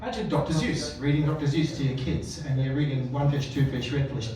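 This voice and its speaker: A man compering a live comedy show, talking in a chatty, rambling way at a fairly high pitch. He sits far from the mic in a very echoey venue, with a loud crowd around him. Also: a little fast.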